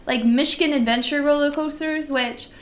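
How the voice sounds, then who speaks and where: A young woman co-hosting a casual chat, telling a story with lively re-enacted quotes. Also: sits high, moderate pace. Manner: animated storyteller, acts out her own panicked quotes. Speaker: podcast co-host.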